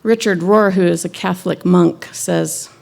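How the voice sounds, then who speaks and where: A woman minister giving a sermon in a conversational, gently wry way. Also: on the low side, fairly even intonation, normal speed, vocal fry.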